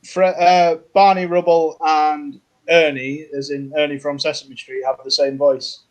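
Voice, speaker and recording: High-voiced man, halting and offhand. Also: flat delivery, rough recording. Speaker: panel guest. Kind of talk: casual comedy chat.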